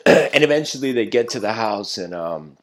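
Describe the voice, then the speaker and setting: A man's voice: on the low side, lively intonation, moderate pace. A man giving a spiritual talk, retelling an old story in a loose, conversational way with many fillers and restarts.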